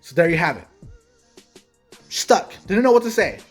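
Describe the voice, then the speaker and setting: A man with a somewhat high, husky voice recounts a frustrating story straight to the camera, acting out each side of the conversation. Soft music plays underneath. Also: normal speed. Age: adult parent. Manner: animated, heated retelling with quoted dialogue. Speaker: sneaker vlogger.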